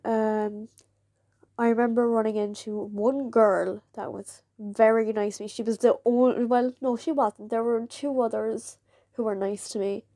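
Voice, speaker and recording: A woman's voice: fairly high pitch, steady tone, a little slow, dark tone, no room sound, studio quality. A woman, telling a personal story in a candid, chatty way and laughing often. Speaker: vlogger.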